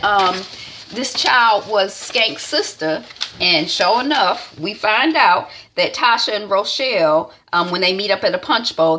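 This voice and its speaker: A woman casually recapping a TV episode, telling it in an animated way with lots of fillers and acted-out quotes. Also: fairly low pitch, slight background noise. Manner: animated storytelling with many fillers, acts out quotes. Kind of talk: casual chat.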